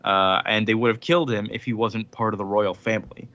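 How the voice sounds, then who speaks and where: A man's voice: on the low side, fairly even intonation, a little fast, sharp tone, no room sound, muffled recording. A man hosting a podcast in casual chat, recapping a comic in a rambling way with many fillers and chuckles. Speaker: podcast host.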